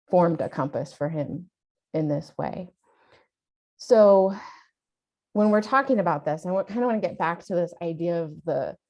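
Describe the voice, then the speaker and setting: A middle-aged woman co-hosts a podcast and tells a family story in a relaxed, conversational way. She turns animated as she goes, laughing and acting out the people she quotes. Her voice sits low for a woman. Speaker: podcast co-host, mother.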